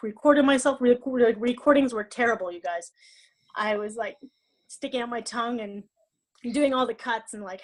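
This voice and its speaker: A woman on a team call, telling a personal story about stage fright, fast and emotional, often repeating words. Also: a little high. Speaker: network marketing team leader. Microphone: call or stream mic.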